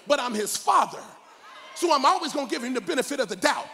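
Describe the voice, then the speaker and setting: High, gravelly preacher man, shouting. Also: fast talker, a little hiss or hum. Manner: animated, comic, often shouting. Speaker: pastor. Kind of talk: sermon. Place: church.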